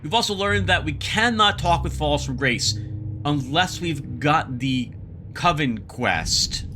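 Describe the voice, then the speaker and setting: A man's voice: on the high side, lively intonation, takes it slowly, background noise. A man narrating his solo board game playthrough in casual commentary, thinking aloud, muttering asides and reading card text aloud. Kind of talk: casual let's-play commentary. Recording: background music under the voice.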